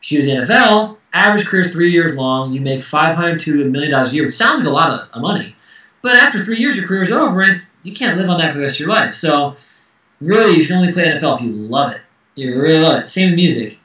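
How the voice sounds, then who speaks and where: A man's voice: fairly high pitch, animated, quick pace, pushed and bright, reverberant, far from the mic, poor audio. A man in his thirties, a musician guest speaking candidly and acting out quoted dialogue in casual interview chat.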